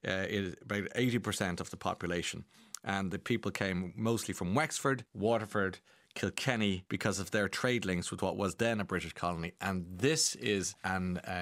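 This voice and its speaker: A man's voice: lowish voice, a bit bright. A man hosting a radio show, chatting in a rambling way with many restarts and chuckles. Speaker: radio host. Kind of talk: casual chat.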